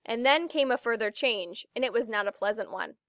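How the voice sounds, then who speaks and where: A woman's voice: on the high side, dry recording, studio quality. Woman reading a children's story aloud. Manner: slow, expressive storytelling. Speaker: narrator. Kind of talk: children's book read-aloud.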